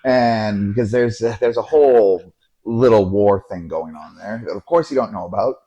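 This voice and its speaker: A man hosting a podcast, telling a story in a casual, animated way, acting out voices and swearing now and then. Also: on the low side, moderate pace, slightly rough, dull audio. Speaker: podcast host.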